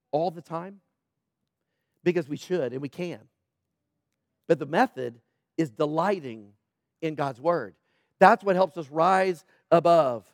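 High-voiced preacher, dry close sound. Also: male voice, no echo. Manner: conversational, calls out to congregation members; earnest, repeats key phrases. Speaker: pastor. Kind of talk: sermon.

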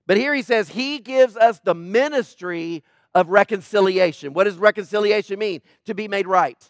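A man's voice: high voice, moderate pace, no echo, studio quality. A male pastor preaching a sermon, emphatic and full of rhetorical questions to the congregation.

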